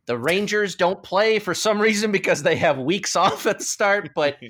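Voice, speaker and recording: High, animated male podcast co-host. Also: normal speed. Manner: playful, joking, animated with sound effects. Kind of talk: casual hockey podcast chat.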